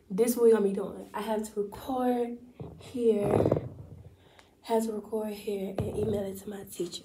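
A woman's voice: medium pitch, fairly even intonation, moderate pace, reverberant, noisy background. A young woman, chatting bluntly and profanely to her vlog viewers about her acting homework. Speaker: vlogger and acting student. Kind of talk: casual vlog chat. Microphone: phone camera.

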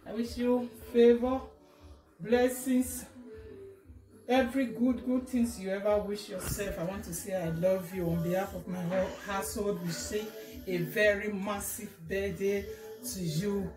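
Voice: medium pitch, fairly even intonation, measured pace. Effusive birthday well-wisher in an echoey room. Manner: effusive, listing blessings. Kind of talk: birthday video message. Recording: echoey room, off-mic, loud music behind.

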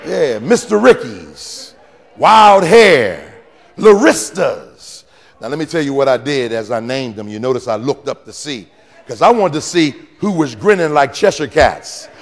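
A male pastor preaching to his congregation with call-and-response and playful teasing, swinging between sudden shouts and quiet asides. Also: medium pitch, very animated, a little slow, in a large hall. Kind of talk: sermon. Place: church sanctuary with congregation.

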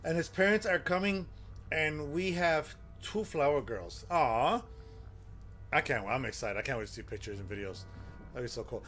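A man giving live commentary while playing a horror game, excitable and exclaiming and swearing at the scares. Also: on the high side, moderate pace, slight background noise. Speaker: game streamer.

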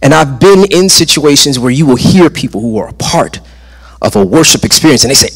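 A man's voice: medium pitch, animated, a little fast, husky. A man preaching a sermon in a church, with an emphatic delivery that rises and falls and repeats phrases for effect. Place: church sanctuary. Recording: long reverb of a large church hall.

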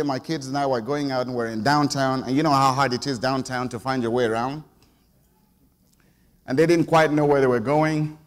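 A middle-aged man preaching a conversational sermon in church, often calling for the congregation's response. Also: mid-range voice. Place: church sanctuary. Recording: long church reverb.

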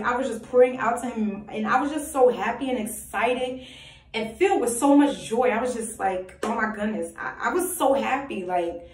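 A woman giving an emphatic, preachy personal monologue full of rhetorical questions and repetition. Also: fairly high pitch. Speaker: self-styled prophetic vlogger. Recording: echoey room, voice far from mic.

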